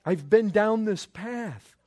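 A male preacher with a fairly high voice, delivering an impassioned sermon. He builds to loud, urgent pleading, stumbling and restarting as he pushes his point. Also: lively intonation, takes it slowly.

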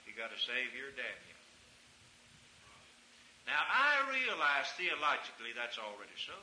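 A man's voice: medium pitch, very animated, moderate pace. Male preacher, fervent and dynamic, recorded in an echoey room with hiss. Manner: fervent, swings from hushed to shouting. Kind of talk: sermon.

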